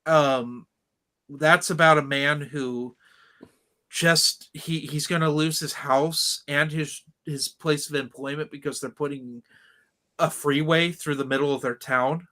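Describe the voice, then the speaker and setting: A man with a bright, fairly high voice talks in a loose, opinionated way, wandering into asides as he chats with friends. His delivery is casual and rambling, like a host leading a book club talk. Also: steady tone, a little slow. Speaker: podcast host. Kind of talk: casual chat.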